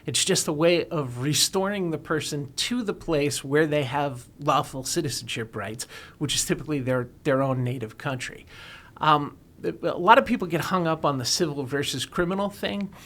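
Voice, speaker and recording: A man's voice: on the high side, normal speed, a bit bright. A man explaining and arguing a legal point in an emphatic, lawyerly way on a talk show.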